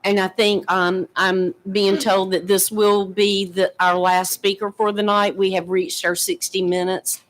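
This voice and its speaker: Slow, flat-voiced woman chairing a meeting. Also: medium pitch, poor audio. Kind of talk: procedural announcements. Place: public board meeting.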